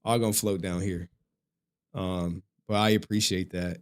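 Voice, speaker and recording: Male streamer, casual and animated, heavy slang and swearing. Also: sits low, unhurried. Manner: animated, profane, slangy storytelling. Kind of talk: casual livestream chat.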